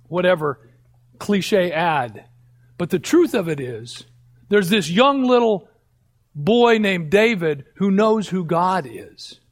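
A man preaching a sermon in an emphatic question-and-answer manner, dropping at times to a low hush. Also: vocal fry.

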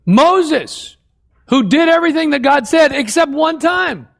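A man preaching a sermon in an unusually high voice with a gravelly edge. He leans hard on his points and repeats key phrases for effect. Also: lively intonation, unhurried, a bit bright. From United States. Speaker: pastor.

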